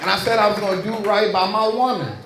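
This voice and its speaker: High-voiced profane stand-up comedian. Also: male voice, fast. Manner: profane, rambling, crowd-addressing. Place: comedy club stage with audience. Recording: echoey club with crowd noise. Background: audience laughter.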